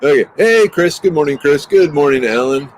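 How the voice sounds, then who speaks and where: A man hosting a casual outdoor livestream, talking extra loud into a handheld microphone. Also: a little high, animated, normal speed, slight background noise, low-quality recording. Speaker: livestream host. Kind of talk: casual livestream chat greeting viewers. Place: outdoors near a busy highway. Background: birdsong.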